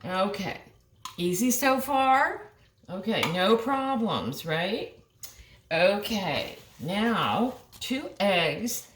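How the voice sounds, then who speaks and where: A woman's voice: mid-range voice, very animated, drawn-out words, background noise. Chatty older woman in an echoey kitchen. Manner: chatty, encouraging, talks to viewers and her dog. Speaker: cooking demonstrator. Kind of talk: chatty cooking demonstration. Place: home kitchen. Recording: echoey kitchen, mic far off, clattering pots. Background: dishes and pans clattering.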